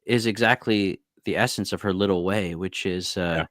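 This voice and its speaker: A man telling a personal faith story in a relaxed, reflective way over a video call, with frequent fillers and restarts. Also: low-pitched, moderate pace, no echo, studio quality. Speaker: former monk, podcast guest or host. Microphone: video call over unstable internet.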